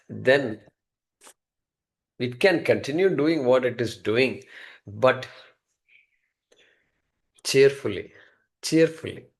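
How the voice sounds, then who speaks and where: A man's voice: mid-range voice, vocal fry. A man teaching a scripture class, conversational and repeating key terms as he explains. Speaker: Vedanta teacher.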